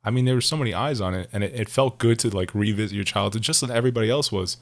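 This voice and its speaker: A podcast co-host with a lowish, rapid-fire voice chats casually, rambling through his points. He laughs often and swears casually along the way.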